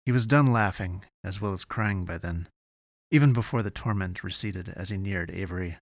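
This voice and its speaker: A man narrating a story in a measured, steady reading on a close mic. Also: on the low side, dry recording. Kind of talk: audiobook narration.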